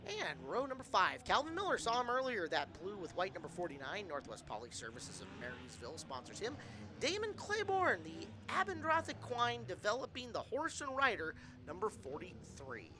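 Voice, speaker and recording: A man's voice: sits high, moderate pace, background noise. A man commentating on a racing broadcast, hyping the next event with a joking manner. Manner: lively, joking hype. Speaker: race commentator.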